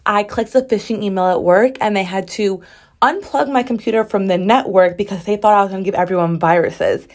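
A woman's voice: medium pitch, fairly quick, a little mellow. Chatty young woman ranting casually. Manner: chatty, sassy, frequent "like" fillers. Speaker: podcast host. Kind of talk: casual solo podcast chat.

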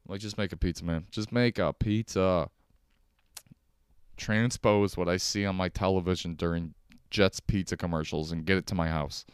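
A man's voice: deep voice, fairly even intonation, normal speed, smooth, no room sound, studio quality. A man hosting a solo podcast from his couch, rambling in a laid-back, profane way. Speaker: podcast host. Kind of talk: casual solo podcast rant. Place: home couch.

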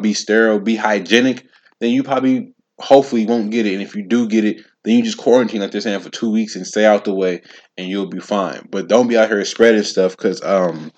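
With a lowish voice and the highs cut off in the audio, a twentysomething solo podcaster chats casually. He uses lots of slang, circles back over the same points, and talks right to his audience with animation.

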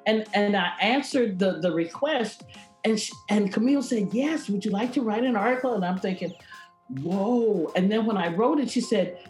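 A woman's voice: medium pitch, fairly quick, a little mellow, roomy sound, soft background music. A woman minister giving an enthusiastic testimonial about writing, acting out her own quoted reactions. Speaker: minister and magazine writer.

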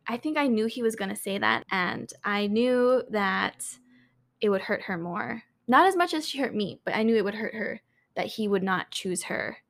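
A slightly bright, expressive woman's voice of medium pitch moves at a normal speed. She's a podcast co-host spinning a story in a relaxed, gabby manner, leaning on "um" and "like" and dropping plenty of swear words.

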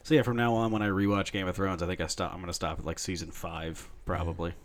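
A man's voice: sits low, level tone, quick pace. Rambling, swearing podcast guy. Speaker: podcast co-host. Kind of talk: casual podcast chat.

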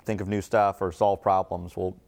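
A man talking in a relaxed, explanatory way in a casual chat. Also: deep voice, normal speed, creaky.

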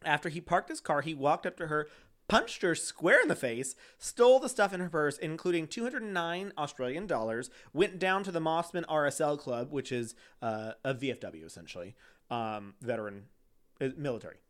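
A man's voice: a little high, lively intonation, normal speed, fairly bright tone. A man co-hosting a casual true-crime podcast, reading case notes with joking asides and frequent laughter. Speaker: podcast co-host.

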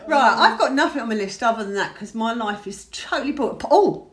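A woman's voice: on the high side, expressive, a little fast, a crowd in the background. A woman co-hosting a podcast, chatting casually, blunt and teasing, often laughing. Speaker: podcast co-host. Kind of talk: casual chat.

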